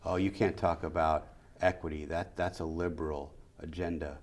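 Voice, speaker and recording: Middle-aged man, deep voice, emphatic guest answering interview questions, repeats his points in rhythmic lists. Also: steady tone, moderate pace. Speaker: school district superintendent.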